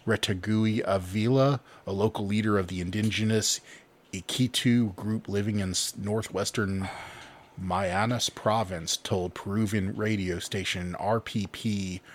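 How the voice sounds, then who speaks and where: Low husky-voiced man reading news. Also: steady tone, a little slow. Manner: reads news quotes aloud, laughs at own slips. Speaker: podcast co-host reading news stories. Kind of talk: casual chat.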